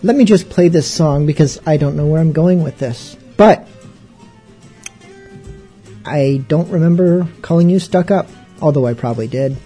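A man's voice: on the high side, moderate pace, pauses often, dark tone, breathy edge, faint music behind. A male radio show host chatting casually between songs, rambling and wry, often poking fun at himself. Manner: rambling, wry and self-mocking.

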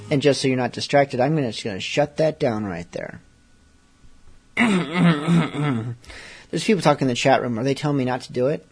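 A man's voice: medium pitch, husky. A man hosting a late-night radio show, talking casually with rambling, self-deprecating asides. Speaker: host.

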